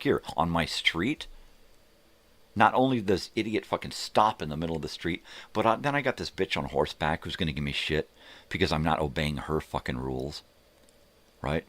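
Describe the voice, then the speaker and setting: A man's voice: very deep voice, fairly bright tone. An older man hosting his morning show, telling heated, profanity-laced stories in a casual rant. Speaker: host of a morning live show. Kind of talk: casual ranting monologue.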